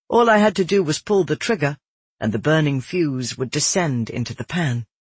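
A man reading a first-person story aloud in a steady, descriptive way. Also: a little high, normal speed, husky, no echo. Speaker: audiobook narrator. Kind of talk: scripted first-person narration.

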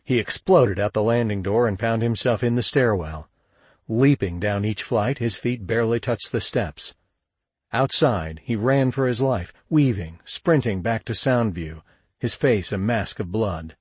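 Low, husky male narrator. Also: lively intonation, unhurried, dry recording. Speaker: audiobook narrator. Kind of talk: scripted narration.

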